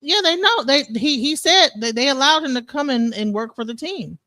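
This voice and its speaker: Halting woman co-host, quiet tail-offs. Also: high voice, lively intonation, dry recording. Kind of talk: casual live-stream commentary.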